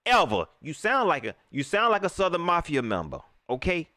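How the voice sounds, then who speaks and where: A man's voice: fairly high pitch, huge pitch swings, a little fast, pushed and bright, no echo, clean studio sound. A man hosting a live post-game stream, ranting about his team and reading out viewer comments. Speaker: livestream sports commentator.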